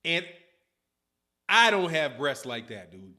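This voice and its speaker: 50 yr old guy hosting a boxing stream, high voice, slangy, animated, answering chat. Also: takes it slowly. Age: 50s. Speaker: boxing channel host. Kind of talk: casual livestream commentary.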